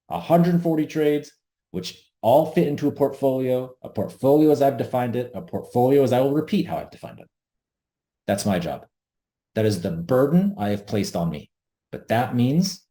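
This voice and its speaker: A man's voice: lowish voice, dark tone. A man hosting an options trading webinar, talking earnestly and emphatically and repeating his key points. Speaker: webinar host, options trader. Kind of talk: presenting a webinar.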